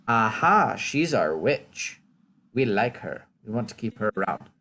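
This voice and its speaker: A man's voice: fairly low pitch, moderate pace, gravelly, fairly bright tone, slight background noise. A man giving casual, chatty commentary while playing a game, poking fun at himself. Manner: chatty, self-deprecating. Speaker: let's play host.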